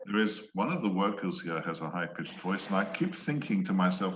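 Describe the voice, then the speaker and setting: A man teaching English in an online one-on-one lesson, slow and patient, explaining words and acting out examples. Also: sits low, expressive, background noise. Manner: slow, patient, demonstrates voices. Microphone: video call. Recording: echoey, dull video-call audio.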